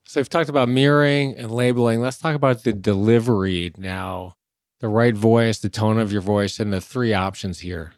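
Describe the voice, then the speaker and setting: A man hosting a podcast, asking structured, prepared questions at a measured pace. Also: fairly low pitch, fairly even intonation, darkish tone, no echo, studio quality. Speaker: podcast host.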